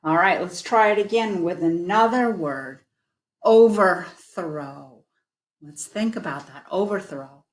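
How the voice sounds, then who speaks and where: A woman teacher giving an online phonics lesson, patiently sounding out words slowly. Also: on the low side, animated. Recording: echoey room.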